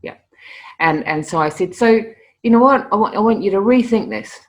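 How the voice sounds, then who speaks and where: A middle-aged woman, a guest telling stories in a casual interview, lively and often repeating words as she starts a sentence. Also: mid-range voice, normal speed. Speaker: interview guest, animal communicator.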